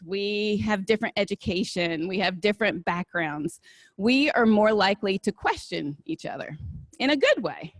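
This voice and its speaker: A woman with a Southern American accent speaks to an audience in a relaxed, conversational way. Her voice sits at a middle pitch and sounds dry and close. She keeps checking in with listeners as she explains. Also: no room sound. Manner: conversational, asks "right?" often. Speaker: diversity and inclusion speaker. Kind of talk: live talk with audience Q&A.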